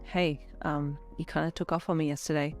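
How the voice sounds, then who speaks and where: A woman voicing a quiet, gentle teenage boy with a soft, subdued delivery. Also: sits low, flat delivery, a little fast, soft background music.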